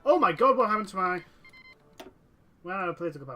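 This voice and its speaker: A man's voice: high-pitched, big pitch swings, fast, sharp tone, faint music behind. A man commentating a strategy game let's play, talking to his units and to the nations in the game and getting exasperated with them. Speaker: gameplay commentator.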